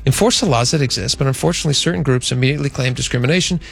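A man hosting a talk radio show in casual chat, easygoing and quick with short reactions and asides. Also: mid-range voice, gravelly, slightly rough, soft background music. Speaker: radio host.

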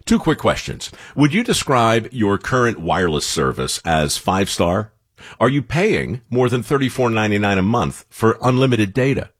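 A man reading a punchy radio sales pitch. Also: lively intonation, moderate pace, no echo, studio quality. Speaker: ad announcer. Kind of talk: scripted radio ad read.

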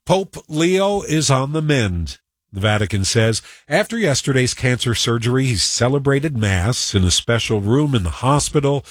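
A man's voice: medium pitch, big pitch swings, normal speed, no echo, clean studio sound. A male radio news anchor from New York with a New York accent, reading the news in a wry, conversational way. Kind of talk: radio newscast.

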